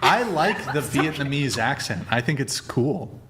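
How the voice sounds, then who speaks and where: A man's voice: mid-range voice, lively intonation, a little slow, a bit bright. A man hosting a live dating debate show, teasing and goading his guests. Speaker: host.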